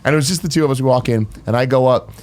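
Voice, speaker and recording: A man co-hosting a casual podcast, telling a story at an easy, ordinary pitch. He rambles with lots of "like" and restarts, but keeps an excited tone. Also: very fast. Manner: rambling, full of fillers and restarts, enthusiastic. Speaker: podcast co-host.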